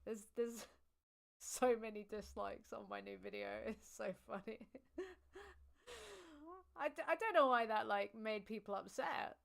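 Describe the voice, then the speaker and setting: A woman's voice: medium pitch, unhurried, gravelly, pauses often, fairly bright tone. Giggly woman chatting on a livestream. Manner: giggly, chatty, thanking viewers. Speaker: livestream host. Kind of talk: casual livestream chat.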